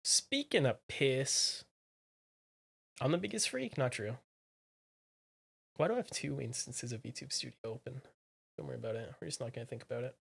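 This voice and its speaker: A livestreamer chats live with viewers, playful and teasing, in an expressive, gravelly, middle-range voice with a breathy edge. She swings between low mumbled asides and sudden loud exclamations, repeating phrases as quick remarks to chat.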